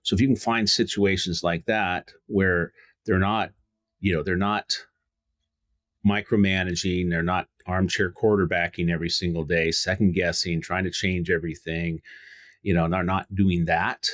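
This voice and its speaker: A man's voice: low voice, steady tone, normal speed, fairly bright tone, dry recording, clean studio sound. A middle-aged man, a business owner, answering interview questions in a frank, rambling way with many restarts. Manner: rambling, restarts often, frank with mild profanity. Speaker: guest, home services business owner.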